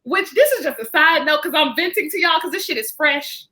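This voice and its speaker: High bright-voiced woman on a podcast, animated, venting to y'all. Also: a little fast. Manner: animated, vents to listeners as "y'all". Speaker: podcast guest. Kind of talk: casual chat, storytelling.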